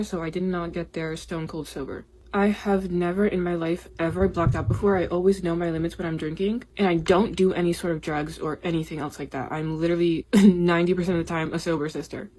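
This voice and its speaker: Chatty young woman, lowish voice. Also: fairly even intonation, fairly quick, few pauses, warm tone. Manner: chatty, confessional, peppered with 'like' and 'literally'; grows indignant and emphatic. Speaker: storyteller. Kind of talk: casual storytime to camera.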